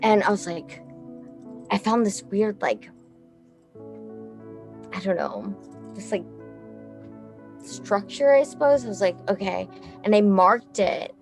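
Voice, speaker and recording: Slow-talking, laughing young woman storyteller. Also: medium pitch, lively intonation, darkish tone, soft background music. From Texas. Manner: rambling, filler-heavy, swears, laughs often. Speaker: guest musician. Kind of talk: casual storytelling.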